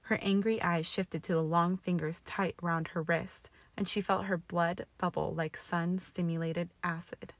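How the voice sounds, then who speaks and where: Lady reading fanfic out loud, expressive, kinda low, no room echo. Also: unhurried, hardly any pauses. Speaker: narrator. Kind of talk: fan fiction reading.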